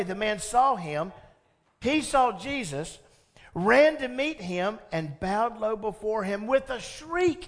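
High-voiced man as pastor, lively storytelling sermon with questions to the congregation.

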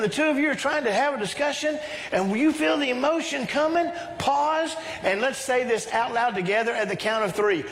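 A middle-aged man preaching a sermon as pastor, leading his congregation in call-and-response and breaking into excited exclamations. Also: high voice, a little hiss or hum. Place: church sanctuary. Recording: reverberant church hall with faint ambience.

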